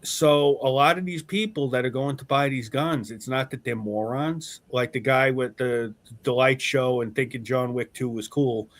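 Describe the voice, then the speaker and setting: Animated man telling stories, then arguing. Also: medium pitch, normal speed, hardly any pauses. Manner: animated storyteller, swears, then turns to earnest argument. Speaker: podcast host. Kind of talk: casual chat.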